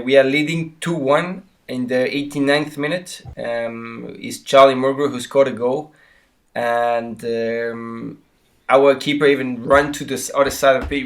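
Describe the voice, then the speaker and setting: Swiss man telling stories, halting. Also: medium pitch. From Switzerland. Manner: storytelling with many fillers and restarts. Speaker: guest footballer. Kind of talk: casual podcast interview.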